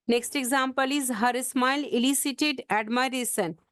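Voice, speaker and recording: A woman teaching an exam-prep English vocabulary lesson, spelling words out letter by letter and slowing down to show where the stress falls. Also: high voice, fairly even intonation, a bit bright, no room sound.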